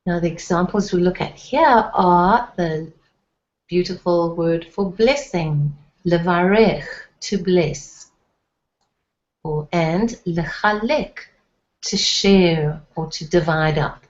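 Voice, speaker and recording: Slow, patient woman teaching a lesson. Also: on the low side, highs cut off. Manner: patient, explains step by step with many fillers. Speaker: Hebrew teacher. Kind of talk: slow, careful language lesson.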